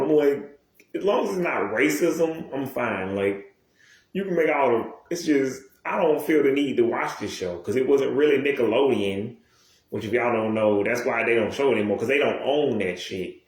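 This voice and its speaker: A man talking to his video audience in a rambling, casual monologue, full of digressions, restarts and swearing. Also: medium pitch. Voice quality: profane, digressive, many restarts. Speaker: YouTuber. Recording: roomy echo.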